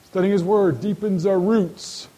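A man with a slightly higher voice leads a Bible study in a sermon style. He keeps turning to his listeners with quick rhetorical questions. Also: steady tone, warm tone, poor audio. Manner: asks rhetorical questions and addresses listeners directly. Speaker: Bible teacher.

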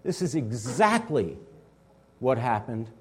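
A man reading scripture slowly and deliberately, then explaining the meaning of the words as a Bible teacher. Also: mid-range voice, big pitch swings. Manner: explains word meanings and pronunciations.

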